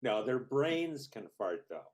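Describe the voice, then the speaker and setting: A man playing a tabletop game as a player, deadpan and cheeky. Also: medium pitch, takes it slowly. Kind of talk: tabletop game role-play.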